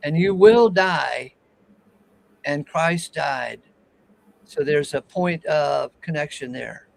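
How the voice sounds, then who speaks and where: A man with a high voice and a gravelly, creaky edge walks a friend through scripture. He talks in an expressive, playful way, throwing in jokes between points. It sounds like an easygoing conversation about a Bible passage. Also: takes it slowly, low-quality recording. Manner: expressive, teasing, explains scripture. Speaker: Bible teacher. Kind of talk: casual Bible discussion.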